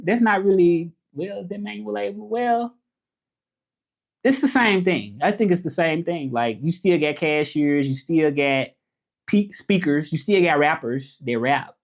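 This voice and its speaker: A man with a Southern US accent hosts a casual livestream. His talk is loose and rambling. He answers viewers' comments as they come in. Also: on the high side. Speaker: livestream host and interpreter.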